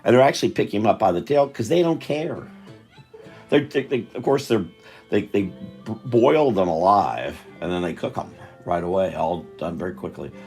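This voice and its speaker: A tired older man with a deep, gravelly voice talks his way through a live drawing stream. He rambles, loses his thread and restarts his sentences, while faint music plays behind him. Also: lively intonation, normal speed, darkish tone. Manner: meandering, self-interrupting, chatty.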